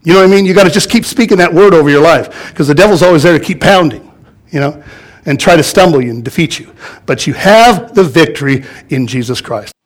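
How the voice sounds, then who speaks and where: Guy pastor preaching, kinda high voice, laughs at his own stories, very animated. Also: a little fast. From United States. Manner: animated storytelling with laughs and acted-out quotes. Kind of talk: sermon.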